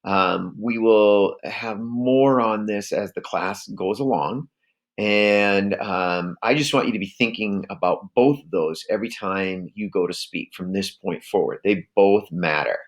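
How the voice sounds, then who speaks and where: A man's voice: on the low side, a little slow. A man teaching a class in a recorded video lecture, explaining step by step with frequent fillers and restarts.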